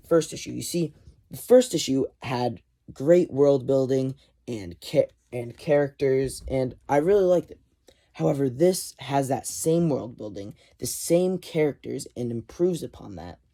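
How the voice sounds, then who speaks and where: A man casually recapping a comic issue, retelling scenes animatedly and quoting characters. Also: mid-range voice. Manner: animated retelling with quoted lines and chuckles. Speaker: comic book reviewer.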